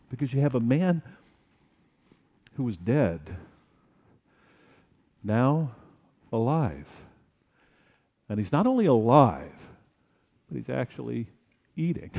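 Brief: slow, deliberate male pastor, slightly high voice, sermon with lively acted bits, long church reverb. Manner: animated, acts out disciples' fright.

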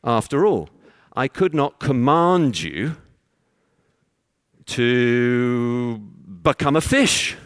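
A man's voice: medium pitch, expressive, drawn-out words, long pauses, clear, resonant tone, no room sound, studio quality. A man preaching an expository sermon, explaining his points in a teacherly way with everyday examples.

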